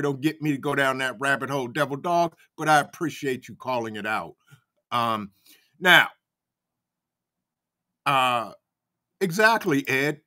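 A man's voice: medium pitch, pushed and bright. A man hosting a casual livestream, fired up and greeting chat viewers by name. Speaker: livestream host. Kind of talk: casual live-chat commentary.

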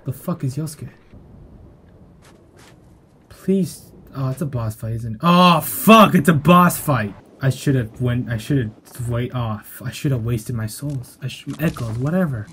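A man giving profane, jumpy commentary while playing a video game, swinging between yelling outbursts and self-mocking jokes. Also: mid-range voice, expressive, unhurried, husky. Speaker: gameplay streamer. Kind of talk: live gameplay commentary.

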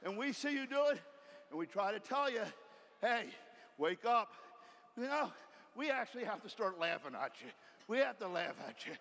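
Guy with a really high voice doing a pumped-up motivational speech, keeps asking "don't they?", echoey big hall. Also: sing-song, brisk. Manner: folksy and emphatic, with rhetorical questions and bursts of shouting. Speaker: company president giving a motivational speech. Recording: reverberant hall, faint background noise.

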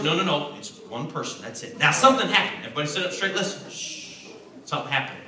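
A man, telling a Bible story to children in an animated, folksy way. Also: a little high, fast talker. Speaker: children's Bible school preacher. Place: church hall. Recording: echoey room from a distance.

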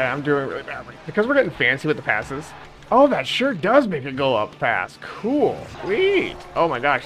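A man's voice: mid-range voice, a bit bright. A young man giving casual, joking commentary as he plays a video game, chatty and self-mocking. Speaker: gaming channel host. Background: game music.

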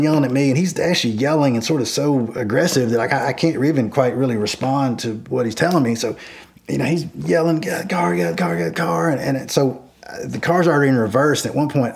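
Rambling middle-aged man telling a story. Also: medium pitch. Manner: rambling, many fillers and restarts, shouts quoted lines loudly. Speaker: storyteller guest. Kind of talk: casual spoken storytelling.

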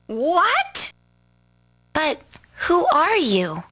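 A woman's voice: sits high, drawn-out words, dry recording, heavily acted. A woman voicing an eager, cheerful young teenage girl in a game cutscene. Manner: bubbly, excited.

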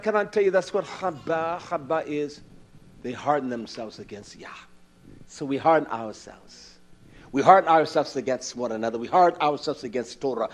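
Older man preaching an animated sermon. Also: fairly high pitch. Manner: animated storytelling, acting out voices.

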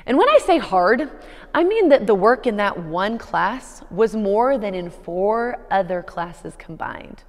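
A woman's voice: mid-range voice, very animated, a little slow, long reverb tail. A woman pastor preaching a sermon, telling a story in a conversational way with playful asides.

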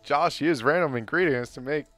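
A man's voice: fairly high pitch, moderate pace, soft background music. A man co-hosting a live drawing stream, bantering playfully. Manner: teasing, playful, lively. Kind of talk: casual banter.

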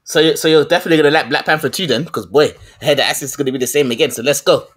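A man's voice: on the high side, racing, a bit bright. A man co-hosting a casual movie-review podcast, playfully accusing the others and repeating himself. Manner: teasing, playfully accusing, repetitive. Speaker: podcast co-host.

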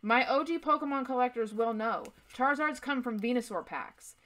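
A woman's voice: on the high side, expressive, normal speed, fairly bright tone. A young woman hosting a card-opening vlog, chatting casually in a jokey, self-deprecating way. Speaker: YouTube host opening trading card packs. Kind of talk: casual chat.

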